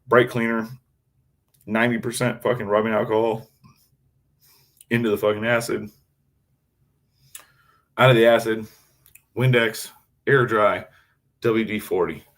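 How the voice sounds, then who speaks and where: A man's voice: lowish voice, little pitch movement, unhurried, pauses often, a bit bright. A man chatting casually on a live stream, swearing constantly as he rambles about his knives and answers chat. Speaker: knifemaker streamer.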